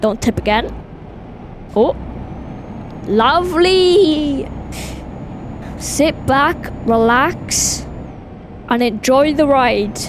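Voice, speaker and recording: A woman with a Welsh accent chatting excitably to viewers while playing a driving game. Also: sits high, drawn-out words, pauses often. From Wales. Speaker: gaming video host. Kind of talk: casual gameplay commentary. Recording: game engine noise behind voice. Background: truck and vehicle sounds from game.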